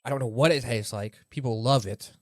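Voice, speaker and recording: A man's voice: mid-range voice, brisk, a little mellow, no room sound, studio quality. A young man on a casual podcast, bluntly dismissing foods and cracking jokes. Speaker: podcast co-host. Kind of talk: casual chat.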